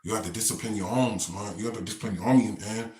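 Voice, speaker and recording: Brief: big inmate spokesman, firm warning tone, slightly low, played by a man telling the story, echoey room. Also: quick pace, darkish tone, distant mic, lightly acted.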